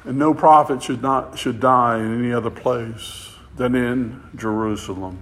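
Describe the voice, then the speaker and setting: A man preaching a sermon with passion. He climbs louder and higher to stress a point and often repeats words as he goes. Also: fairly even intonation, a little slow. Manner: impassioned, rising in pitch and volume for emphasis, repeats words.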